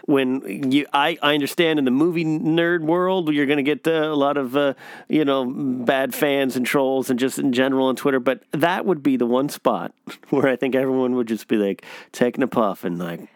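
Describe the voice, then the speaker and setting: A man hosting a casual podcast interview, easygoing and quick to affirm his guest. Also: mid-range voice, no room sound. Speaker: podcast host.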